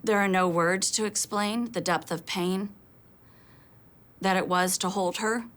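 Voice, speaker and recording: A middle-aged American woman giving an earnest, measured testimony as a foundation founder. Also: mid-range voice, steady tone, a bit bright. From United States. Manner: earnest and measured, quoting others' words aloud. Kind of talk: personal testimony talk.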